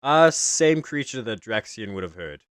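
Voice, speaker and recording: A man's voice: on the low side, very animated, unhurried, fairly bright tone, clear, resonant tone, dry recording, studio quality. A young man running a tabletop game as game master, laid-back and chuckling, with fillers.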